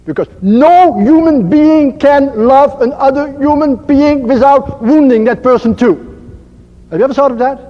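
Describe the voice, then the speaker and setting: A man with a Dutch accent giving an earnest spiritual talk as a priest, slow and emphatic, repeating his phrases. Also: extremely high pitch. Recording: muffled archival recording in a reverberant hall.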